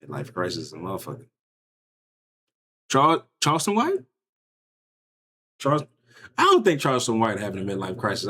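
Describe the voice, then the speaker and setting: Animated joking man reacting to clips. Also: fairly low pitch, normal speed, long pauses, husky. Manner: loose, joking, slangy, acts out bystanders' thoughts. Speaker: reaction streamer. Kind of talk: casual commentary reacting to clips.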